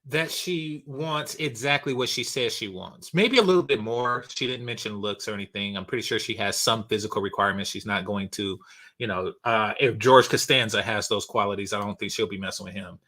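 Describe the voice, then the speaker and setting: With a voice on the low side and a sharp tone, this man talks briskly while hosting a laid-back reaction commentary channel. He's blunt and rambling, frequently using fillers and starting over.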